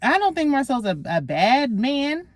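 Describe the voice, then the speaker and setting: A woman's voice: high voice, unhurried, no room sound, studio quality. Sassy woman recapping reality TV. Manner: animated, sassy, talks straight to viewers. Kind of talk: casual recap chat.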